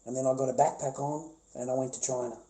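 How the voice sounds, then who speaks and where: Confrontational Australian man, mellow voice. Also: medium pitch, steady tone, quick pace, breathy edge. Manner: confrontational, profane, repetitive. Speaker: livestreamer. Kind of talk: angry livestream rant.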